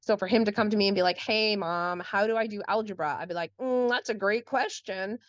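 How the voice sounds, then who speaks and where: A woman's voice: medium pitch, steady tone, quick pace, no room sound, lo-fi sound. A woman co-hosting a podcast in casual conversation, chatty and full of "like" fillers, often acting out quoted speech. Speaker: podcast co-host.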